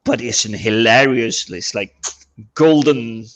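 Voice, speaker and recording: A man's voice: mid-range voice, slow, a bit bright. A man chatting casually on a video call as a panel guest, often stumbling and repeating words as he talks.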